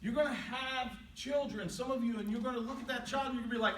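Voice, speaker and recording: A middle-aged man giving a playful, animated inspirational talk to students in a large hall, telling stories and acting out quotes. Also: extremely high pitch, fast, hardly any pauses, a little hiss or hum. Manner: playful, animated storytelling with jokes and acted-out quotes. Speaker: motivational speaker. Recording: echoey hall, voice from a distance.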